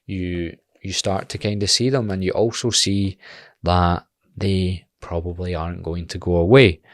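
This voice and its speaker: A man's voice: sits low, fairly even intonation, measured pace, dry recording, clean studio sound. A Scottish man in his twenties talking bluntly and animatedly in a casual podcast monologue, swearing freely. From Scotland. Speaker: podcast host.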